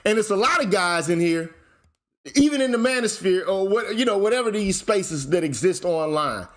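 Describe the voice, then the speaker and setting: Blunt high-voiced man ranting. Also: expressive, moderate pace. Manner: blunt and profane, with repeated rhetorical questions. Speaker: channel host. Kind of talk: casual commentary rant.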